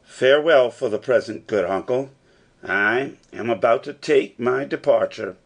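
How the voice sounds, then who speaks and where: A man's voice: mid-range voice, unhurried. A man reading an eager young nephew who speaks earnestly, as an audiobook character.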